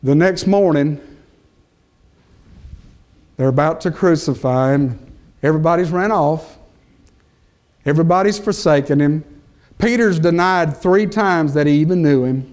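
Slow, emphatic male preacher. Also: a little high, a little mellow. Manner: slow, emphatic preaching with pauses and rising peaks. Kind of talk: sermon.

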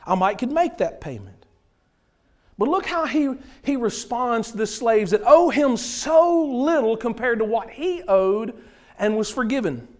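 High-voiced preacher. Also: male voice, expressive, measured pace, a little mellow. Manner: earnest, explaining scripture verse by verse. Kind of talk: sermon.

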